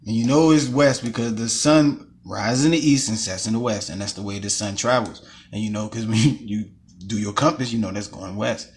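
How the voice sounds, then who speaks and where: This vlogger, a man from the US, has a lowish, husky voice and talks at a moderate pace. He's fired up and profane, circling back over the same points as he explains himself in a laid-back video.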